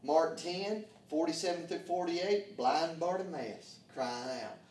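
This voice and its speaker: A man's voice: a little high, takes it slowly, few pauses, darkish tone, echoey room, recorded from a distance. A man preaching a sermon in a church, fervent and folksy, calling out to the congregation for answers. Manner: fervent preaching with call-and-response, folksy grammar. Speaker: pastor. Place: church sanctuary.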